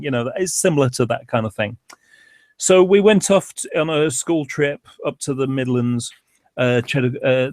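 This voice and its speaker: A man from England with an English accent, telling stories in a casual group chat with many pauses. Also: medium pitch, vocal fry, a little mellow, no room sound. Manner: storytelling, hesitant with fillers.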